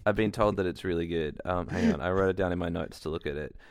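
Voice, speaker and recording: A man co-hosting a podcast, chatting casually with dry, deadpan reactions. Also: low-pitched, fast, vocal fry, no room sound. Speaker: podcast co-host. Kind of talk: casual chat.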